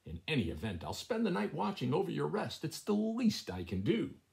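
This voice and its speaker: A fawning cat from a bedtime storybook, all smooth courtesy that creeps upward in pitch, as a man does the voice. Gravelly at the bottom, it rises as he oversells his kindness. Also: wildly swooping pitch, a little fast, darkish tone, heavily acted. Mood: solicitous. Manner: smooth, ingratiating. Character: overly eager male cat neighbor.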